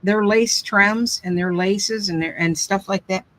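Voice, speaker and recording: A woman's voice: medium pitch, fairly even intonation, unhurried, fairly bright tone, no room sound, low-quality recording. An older woman hosting a casual craft chat, telling rambling family stories with lots of restarts. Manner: chatty, rambling storyteller with frequent restarts. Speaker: craft live stream host.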